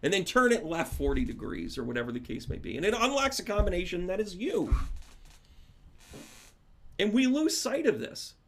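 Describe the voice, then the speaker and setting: A man with a somewhat high voice, rambling casually to his livestream viewers. He talks in loose, friendly asides as a spiritual medium and teacher, addressing members by name. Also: sing-song, normal speed, gravelly, pauses often. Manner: rambling, chatty, warm to viewers.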